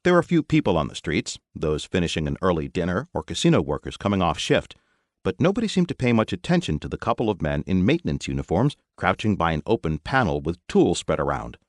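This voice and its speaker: Brief: expressive male audiobook narrator, deep and animated, dry studio read. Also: a little fast, no echo. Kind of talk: scripted narration.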